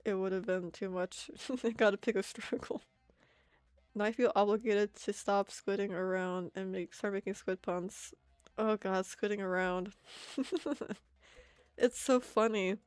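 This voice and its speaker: A woman's voice: medium pitch, fairly even intonation, a little slow, a little mellow, clear, resonant tone, dry recording. A young woman chatting casually on an art stream, giggling and poking fun at herself as she reads chat aloud.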